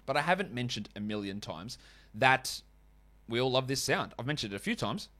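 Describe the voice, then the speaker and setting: Sing-song and fairly bright, this medium-pitched male voice belongs to a fantasy basketball podcast host. He covers stats rapidly, handles ad reads, and keeps up a stream of chatty, wry commentary.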